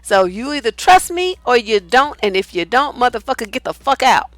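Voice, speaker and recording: Middle-aged woman relationship coach, blunt and profane storyteller, slightly high voice, dry close recording. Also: big pitch swings, moderate pace, dry recording, soft background music. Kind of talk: casual storytelling monologue.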